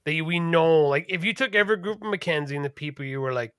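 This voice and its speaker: A man co-hosting a podcast, chatting casually in a profane, rambling, animated way. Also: a little high, fast talker, clean tone, no room sound, clean studio sound. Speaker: podcast co-host. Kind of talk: casual chat.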